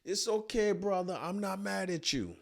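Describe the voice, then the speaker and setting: A man voicing an excitable African man with an African accent, who keeps repeating himself. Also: moderate pace, gravelly. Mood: placating. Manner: high-pitched, pleading, repeating himself. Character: excitable adult African man driver, insistent.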